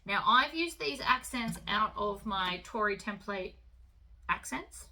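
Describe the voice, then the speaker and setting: A woman hosting a sewing tutorial, talking through each step in a relaxed, chatty way with the odd um and uh. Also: medium pitch, unhurried, rough recording. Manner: relaxed, chatty instruction with fillers.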